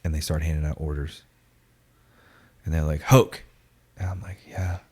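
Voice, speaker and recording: A man in his forties telling a story casually on a podcast, slangy and animated, acting out the voices of the people in it. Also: a bass voice, brisk, husky. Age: 40s. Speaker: podcast guest.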